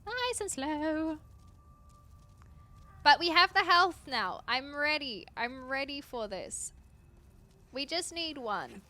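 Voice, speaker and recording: Bright-voiced woman streaming gameplay. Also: high voice, sing-song, slow pace, pauses often. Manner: chatty and playful, talking to her dog and chat. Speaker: game streamer. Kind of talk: live-stream gameplay commentary.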